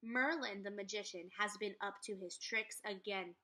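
A woman voicing a calm, mysterious enchantress in a storybook read-aloud. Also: medium pitch, normal speed, natural voice. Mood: explaining. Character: mysterious, kindly old enchantress.

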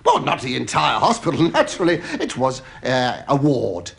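A middle-aged English comedian with a stammering, camp delivery, full of asides to a live audience. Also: male voice, mid-range voice, sing-song, normal speed, gravelly. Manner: stammering, camp asides, ooh-ing and mock protest. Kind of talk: stand-up style sitcom monologue to live audience. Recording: loud studio audience laughter and noise.

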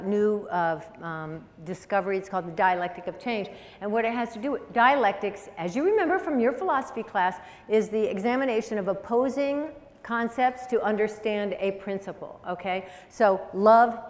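A middle-aged woman psychologist giving a lively, conversational public lecture to parents, often asking the audience questions. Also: mid-range voice. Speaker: speaker, psychologist. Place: high school auditorium. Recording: long hall reverb.

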